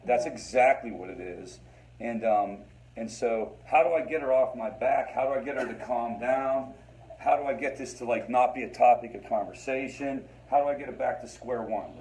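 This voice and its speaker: A man of middle pitch leads a support group in a loose, conversational teaching style. He repeats himself for emphasis and keeps checking in with the listeners. His delivery is informal and unscripted. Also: dark tone, slight background noise, rough recording. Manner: conversational, repeats phrases, addresses listeners as guys. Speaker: recovery group facilitator.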